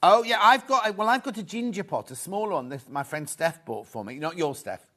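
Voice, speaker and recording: A man's voice: high-pitched, animated, brisk, a bit bright. Chatty man presenting live shopping. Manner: chatty, reads viewer messages, jokes with crew. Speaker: shopping channel host.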